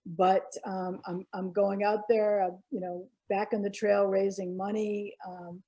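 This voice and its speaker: Earnest mellow-voiced woman telling a story. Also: medium pitch, little pitch movement, unhurried, lo-fi sound. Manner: earnest, storytelling, with repeated restarts. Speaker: former political candidate. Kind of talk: panel discussion.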